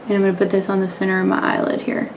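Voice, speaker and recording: A woman's voice: medium pitch, completely flat delivery, racing, slight background noise. A young woman chatting casually as she demonstrates makeup, narrating each step in a candid, offhand way. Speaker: beauty vlogger. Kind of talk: casual makeup tutorial and review.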